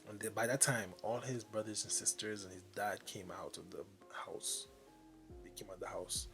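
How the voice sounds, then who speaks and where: A young man telling an animated, slang-heavy story time. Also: lowish voice, moderate pace, over music. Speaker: vlogger.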